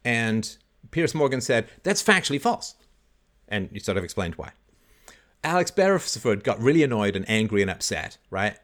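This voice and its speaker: Middle-aged male livestream host, lively swooping delivery, mocking, quick to laugh, acts out quoted voices. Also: fairly low pitch. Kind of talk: casual livestream monologue.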